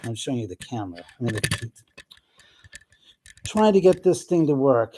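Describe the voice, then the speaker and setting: A man hosting a live ghost-hunting stream from inside his house, grumbling and cursing to himself as he scolds unseen spirits, swinging from sudden loud outbursts to whispered mutters. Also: medium pitch, big pitch swings, normal speed, background noise. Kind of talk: live stream, casual chat. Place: indoors in his own house, moving between rooms and stairs.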